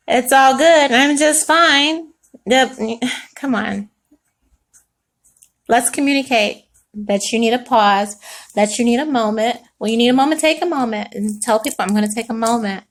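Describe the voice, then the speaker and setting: A woman giving a casual spoken tarot reading, chatty and animated, swearing freely and laughing often. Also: a little high, normal speed. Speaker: tarot reader.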